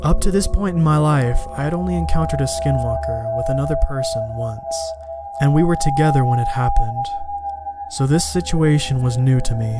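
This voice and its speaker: A man's voice: mid-range voice, normal speed. Man reading a horror story over music. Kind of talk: scripted first-person horror narration.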